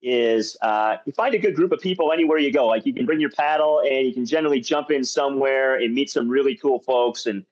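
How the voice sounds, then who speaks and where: A man hosting a podcast in casual interview chat, easing into questions with relaxed, rambling lead-ins. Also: mid-range voice. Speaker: podcast host. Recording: dull lo-fi audio.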